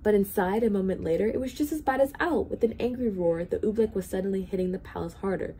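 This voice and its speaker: A woman volunteer reading a children's storybook aloud in an expressive, steady way. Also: mid-range voice, fast. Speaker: hospital volunteer reader.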